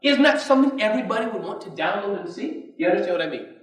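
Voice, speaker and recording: Energetic male conference speaker, interactive, recorded from a distance in a roomy hall. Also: high-pitched, quick pace. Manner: energetic, keeps quizzing the audience. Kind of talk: motivational business talk. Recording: echoey hall, distant mic.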